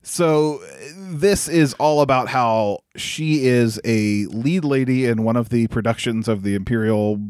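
A man co-hosting a podcast in easy, casual chat, at an average pitch. He talks in an animated way, laughs often and fills his sentences with "like." The recording is dry and close. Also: a little slow, hardly any pauses, smooth, no echo. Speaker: podcast co-host.

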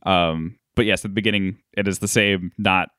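Low-voiced man musing in casual chat. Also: steady tone, normal speed, pushed and bright, dry recording, studio quality. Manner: thoughtful, hesitant with many ums. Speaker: podcast co-host.

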